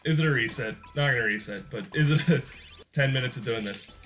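A man's voice: medium pitch, brisk, fairly bright tone, soft background music. A young man hosting a gaming channel, giving casual gameplay commentary in a rambling, joking way and often laughing mid-sentence.

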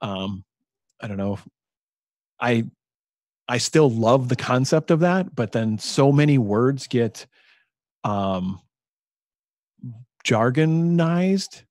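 A man's voice: medium pitch, expressive, slow, pauses often, darkish tone, dry recording, studio quality. A man co-hosting a podcast in casual chat, thinking aloud and getting enthusiastic about ideas. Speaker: podcast co-host.

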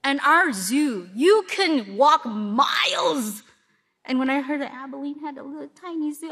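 Higher-voiced woman preaching a lively sermon. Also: measured pace. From Milwaukee, Wisconsin. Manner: lively storytelling with acted-out asides. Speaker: congregation speaker.

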